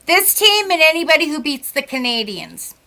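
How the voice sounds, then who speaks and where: A middle-aged woman with a high, bright voice talks as a psychic medium guest. She chats animatedly and acts out the dialogue she quotes. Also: very animated, normal speed. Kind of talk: casual podcast chat.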